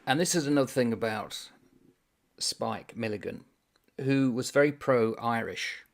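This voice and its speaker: A man's voice: mid-range voice, unhurried. A man hosting a book channel, casually discussing a comic novel in a rambling, amused way and reading passages aloud.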